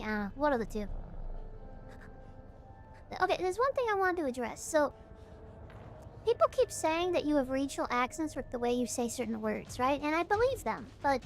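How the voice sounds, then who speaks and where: A woman streaming a game live, rambling in a chatty, self-mocking way. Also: high-pitched. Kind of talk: casual live gameplay chat.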